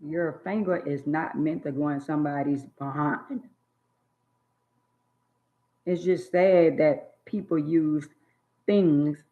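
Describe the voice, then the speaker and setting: On her channel, an older female host scolds bluntly in a preachy, opinionated monologue, stretching out words for emphasis. She has a low voice with fairly even intonation, recorded on dull, lo-fi phone audio.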